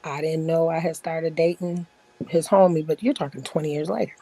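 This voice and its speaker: A woman's voice: deep voice, fairly even intonation, brisk, warm tone, rough recording. A woman in her forties telling stories in a casual chat as a podcast guest, blunt, boastful and full of profanity.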